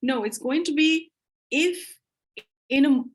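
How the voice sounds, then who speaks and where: Calm explaining woman instructor, slightly high. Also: slow pace. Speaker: course instructor. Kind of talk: live online class Q&A.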